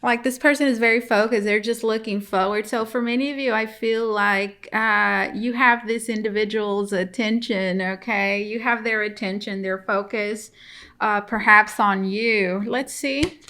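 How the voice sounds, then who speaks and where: A woman's voice: medium pitch, fairly even intonation, unhurried, sharp tone. A woman giving a casual tarot reading to camera, chatty and repetitive, talking straight to her viewers from home. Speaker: tarot reader.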